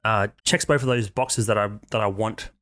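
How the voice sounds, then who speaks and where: A man, co-hosting a podcast in relaxed, rambling chat with many fillers. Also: lowish voice, normal speed. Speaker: podcast co-host.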